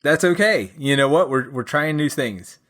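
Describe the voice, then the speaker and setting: Brief: male game-designer podcast host, slightly high voice, dry easygoing humor. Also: expressive, normal speed, fairly bright tone. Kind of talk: casual chat.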